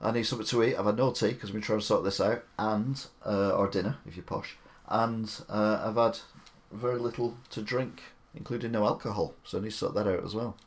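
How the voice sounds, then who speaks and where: A man's voice: lowish voice, fairly even intonation, a little fast. A man hosting a live stream, giving chatty, opinionated commentary with rambling asides.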